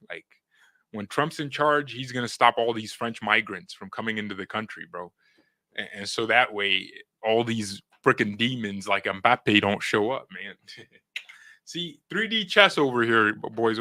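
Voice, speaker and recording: Young dude on a fan stream, bright voice, goofy slang, keeps talking to chat. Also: male voice, on the low side, no room sound. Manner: joking, slangy, talks to chat, reads news aloud. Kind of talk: casual live-stream commentary.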